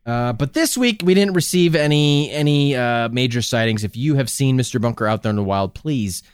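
A man's voice: mid-range voice, expressive, normal speed, clear, resonant tone, no echo, clean studio sound. A man from Minnesota co-hosting a podcast, rambling in casual comedic banter and laughing often. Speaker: podcast co-host.

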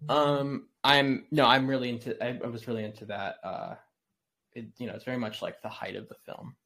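A man on a film podcast, chatting loosely. He stops and restarts often with many fillers, in an even mid-range voice. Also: medium pitch, a little fast. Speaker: podcast host. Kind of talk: casual film chat.

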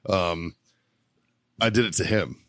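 A man's voice: low voice, slow, dry recording. A middle-aged man, a podcast co-host, telling a profane story in a laughing, casual way.

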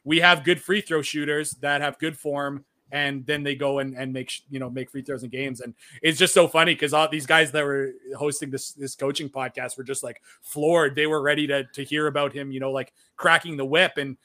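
A man co-hosting a sports podcast, telling stories in a casual, animated way with lots of filler words. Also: fairly high pitch, brisk, hardly any pauses. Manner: animated storyteller, frequent "like" fillers. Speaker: podcast co-host.

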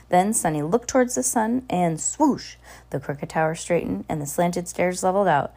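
A woman reading a children's chapter book aloud with expressive, animated storytelling. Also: on the low side, moderate pace, gravelly. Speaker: storybook reader.

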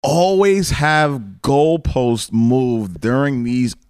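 A man co-hosting a podcast, making his case in a casual debate, deliberate and emphatic. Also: medium pitch, animated, darkish tone, clean tone, no echo, clean studio sound. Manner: deliberate, emphatic, pushes back.

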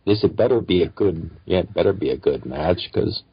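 A man's voice: low voice, expressive, a little fast, slightly rough, no echo. A man from Canada chatting casually on a podcast in an easygoing way. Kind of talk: casual chat. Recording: dry, muffled lo-fi audio.

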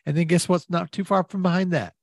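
A man co-hosting an improvised comedy podcast, animated and teasing, quick to laugh. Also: high voice, gravelly, dry recording, clean studio sound. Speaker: co-host.

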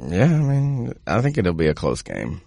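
A man co-hosts a football podcast in a laid-back, casual way. His low voice swings widely in pitch, and he often laughs while thinking aloud. The sound is dry and close. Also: wildly swooping pitch, normal speed, creaky, dark tone, dry recording. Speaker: podcast co-host, former player. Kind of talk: casual sports analysis.

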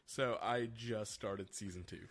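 A man co-hosting a podcast, chatting casually and reacting with quiet remarks and giggles. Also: fairly low pitch, fairly even intonation, a little slow, no room sound, clean studio sound. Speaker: co-host. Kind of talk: casual chat.

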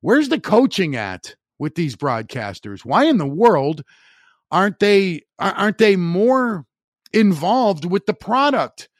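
A middle-aged man talks sports on his podcast, blunt and opinionated, with a wry edge and plenty of restarts. His voice sits a little higher than most men's. The sound is dry and close, with no room around it. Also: big pitch swings, slow, dry recording. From Chicago area. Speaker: podcast host. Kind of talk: sports talk monologue.

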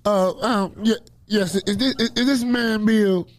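A man putting on a silly, low, stammering voice as a prank caller on a radio show. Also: steady tone, a little slow. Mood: awkward. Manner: stammering, repeating words. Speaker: co-host.

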